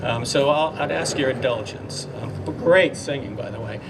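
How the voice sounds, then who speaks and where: An older man giving a ceremonial speech outdoors, halting and heartfelt, with many fillers and restarts. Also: medium pitch, heavy background noise. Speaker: speaker at a memorial dedication. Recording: distant mic, faint outdoor ambience.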